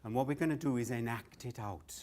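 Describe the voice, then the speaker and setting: A man's voice: medium pitch, brisk, a little mellow. Man, stand-up storytelling, rambling, sweary, faint room noise behind. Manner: swearing, rambling, breaks into laughter. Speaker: stand-up comedian.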